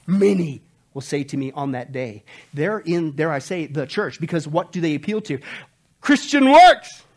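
A man preaching an expository sermon to a church congregation, swinging between loud emphatic outbursts and low hushed warnings. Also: moderate pace. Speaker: pastor. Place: church service.

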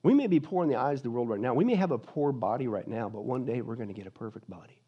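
A male pastor preaching a sermon in a lively, joking manner, swinging from loud to hushed. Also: medium pitch, fast talker, breathy edge, lo-fi sound.

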